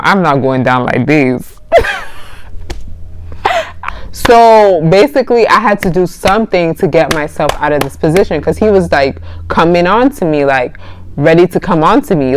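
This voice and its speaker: A woman's voice: deep voice, clean tone. A young woman vlogger casually telling a dating story, chatty and laughing often as she acts out both sides of the conversation.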